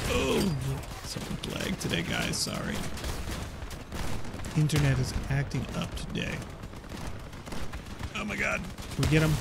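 A man giving excitable, chatty commentary over his own gameplay, exclaiming often. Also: mid-range voice, gravelly, background noise. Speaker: gaming YouTuber. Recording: game gunfire behind voice. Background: game gunfire and explosions.

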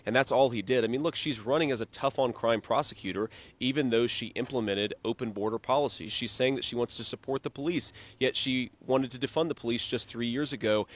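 A middle-aged male politician answering a reporter's questions in a firm, insistent way. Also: mid-range voice. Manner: firm, insistent, repeats talking points. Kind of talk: news interview answers.

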